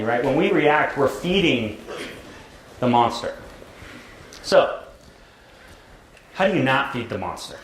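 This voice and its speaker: A man's voice: medium pitch, lively intonation, unhurried, long pauses, a bit bright, slight background noise. Joking middle-aged man in a roomy hall. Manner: conversational, jokey, keeps asking "right?". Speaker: therapist giving a school talk. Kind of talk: presentation to high school students. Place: large echoey school hall. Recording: roomy hall with faint ambience.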